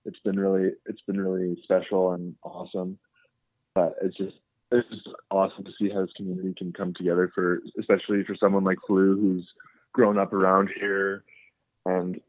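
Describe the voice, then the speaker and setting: A young man from Canada, a drafted ballplayer, answering interview questions by phone in a soft-spoken way, often repeating words. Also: sits low, no echo. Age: young adult. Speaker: drafted baseball player, guest. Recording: tinny phone line.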